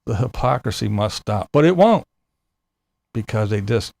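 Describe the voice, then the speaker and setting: Gravelly, animated ranting man. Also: on the low side, normal speed, no echo. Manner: profane, exasperated ranting. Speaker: channel host. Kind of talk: ranting vlog monologue.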